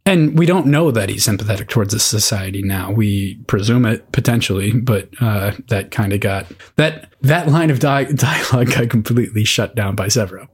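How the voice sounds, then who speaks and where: A man's voice: lowish voice, moderate pace, hardly any pauses, slightly rough. A man co-hosting a podcast, chatting casually about a book, laughing often and teasing his co-host. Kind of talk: casual book discussion chat.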